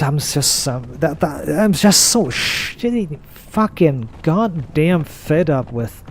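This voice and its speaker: Gaming creator, male, slightly high voice, venting in an angry, repetitive, swear-heavy rant; faint hum underneath. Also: a little mellow. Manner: frustrated, profane, repetitive ranting. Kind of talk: off-topic rant over gameplay.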